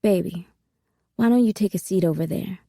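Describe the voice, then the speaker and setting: A cocky, streetwise male hustler who talks with swagger in a gravelly, warm voice, as a woman narrator plays him. The sound is dry and close, with no room around it. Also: on the low side, moderate pace, dry recording. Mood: commanding.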